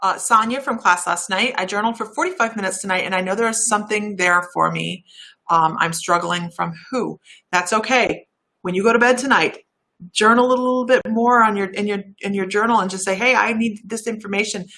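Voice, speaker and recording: Bright-voiced chatty woman giving readings. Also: medium pitch, fairly even intonation, brisk. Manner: chatty, laughs at herself, drifts off topic. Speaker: intuitive reader and shaman. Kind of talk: live-stream readings and chat.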